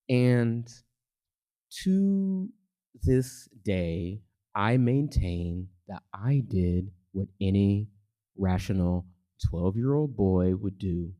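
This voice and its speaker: Lively comic male storyteller. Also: mid-range voice. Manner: lively, comic, building suspense. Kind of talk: live personal storytelling. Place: theater stage, live.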